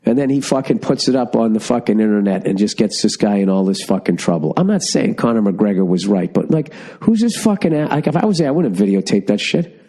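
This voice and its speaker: A man's voice: on the low side, animated, brisk, warm tone. A middle-aged man hosting a podcast, ranting sarcastically through a profane comedic monologue. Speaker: podcast host.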